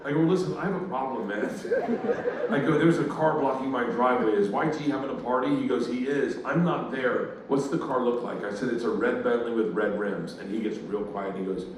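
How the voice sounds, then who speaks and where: A stand-up comedian with a medium-pitched voice tells a story briskly and loudly at a live comedy venue, acting out the voices of the people in it. The distant mic catches loud, roomy ambience, background noise, and audience laughter.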